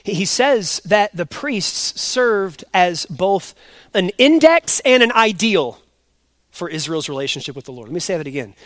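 A pastor preaching an expository sermon. He sets loud, emphatic stresses against quiet asides, and he repeats his key points slowly. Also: high voice, animated, dry recording.

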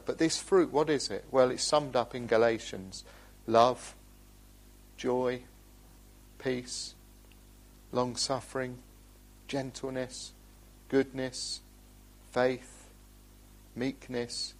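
A man preaching a sermon in a church, earnest and pleading, moving between urgent appeals and quiet, gentle asides. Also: mid-range voice, steady tone, slow pace, long pauses, rough recording. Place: church building.

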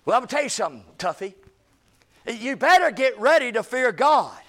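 A man preaching a sermon, shouting key points and dropping low at the ends of phrases. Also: big pitch swings, brisk. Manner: folksy, emphatic preaching with sudden shouts and drops to low trailing endings.

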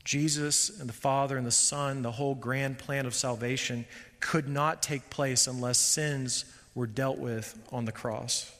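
A man preaching a sermon as pastor, speaking emphatically and building to loud, fervent peaks. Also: medium pitch, steady tone, measured pace, long reverb tail.

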